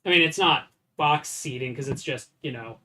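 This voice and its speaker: A man chatting on a board game stream, easygoing and prone to dry joking asides. His voice sits a little high for a man. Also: moderate pace, sharp tone. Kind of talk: casual chat.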